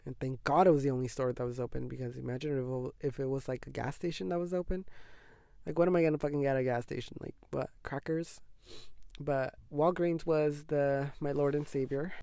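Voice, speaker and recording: Chatty nineteen-year-old guy, vocal fry. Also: on the high side, brisk, a little mellow, no echo, studio quality. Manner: gossipy and dramatic, heavy use of "like". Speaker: podcast host. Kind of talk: casual chat.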